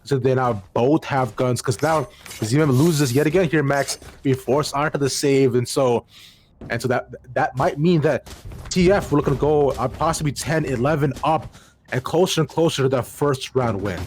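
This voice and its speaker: A man's voice: mid-range voice, moderate pace, darkish tone, slight background noise. A man casting a live esports match, talking in a playful, rambling, upbeat way over a headset mic. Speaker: esports caster.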